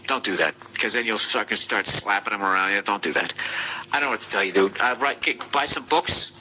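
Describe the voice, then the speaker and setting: A man's voice: on the low side, fairly quick, bright, forceful tone, slight background noise, rough recording. A man with a Boston accent hosting a podcast, ranting comically as he answers listener letters with profane, sarcastic advice. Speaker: podcast host giving advice. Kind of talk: comedic podcast rant.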